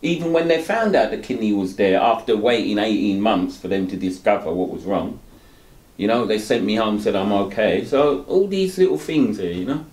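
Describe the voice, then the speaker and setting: A man's voice: fairly low pitch, lively intonation, normal speed, a little mellow. Man speaking candidly in a roomy space. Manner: rambling, tagging lines with "you know", rueful laughter. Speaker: interviewee, dialysis patient. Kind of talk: candid interview. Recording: roomy echo.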